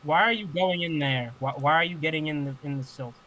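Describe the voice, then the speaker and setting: Casting: male player, slightly high voice, dry teasing delivery, faint hiss. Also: a little fast, pushed and bright, poor audio. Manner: dry, teasing, repeats warnings.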